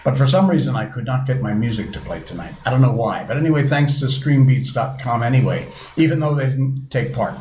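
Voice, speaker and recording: A man's voice: mid-range voice, fairly quick, hardly any pauses, darkish tone. A man hosting a casual live stream, chatting in a rambling, self-deprecating way, with a little reverb added to his voice. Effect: light added reverb. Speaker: livestream host. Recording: echoey room, faint hum.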